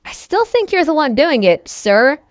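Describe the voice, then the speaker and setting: A woman mocking a dismissive female police officer in a high, squeaky put-on voice. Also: sing-song, moderate pace, dry recording.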